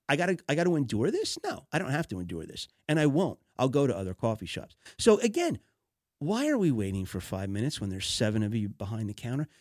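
A man's voice: fairly high pitch, darkish tone, dry recording, clean studio sound. A man hosting a business advice podcast, talking conversationally with fillers and restarts, exasperated about poor customer service. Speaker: podcast host.

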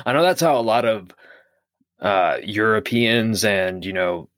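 A man's voice: fairly low pitch, expressive, slow pace, a bit bright, dry recording, clean studio sound. Rambling, opinionated young man. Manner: opinionated, swears casually, rambling. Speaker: podcast co-host. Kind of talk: casual chat.

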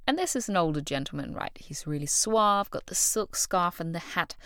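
Expressive woman hosting a motivational podcast. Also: lowish voice, moderate pace, smooth, no echo, studio quality. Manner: expressive storytelling, acts out quoted voices. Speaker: podcast host.

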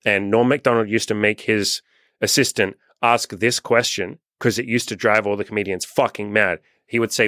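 A man's voice: lowish voice, fairly even intonation, normal speed, pushed and bright, no echo, clean studio sound. A young man hosting as a dating coach, talking casually and profanely and acting out the voices of people he quotes. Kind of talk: casual podcast conversation.

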